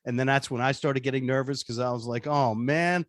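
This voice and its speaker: A radio personality being interviewed, telling a story casually and acting out the dialogue in voices. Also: male voice, mid-range voice, fast, dry recording, studio quality. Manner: animated, laughing, acts out dialogue in voices. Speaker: radio show personality, guest.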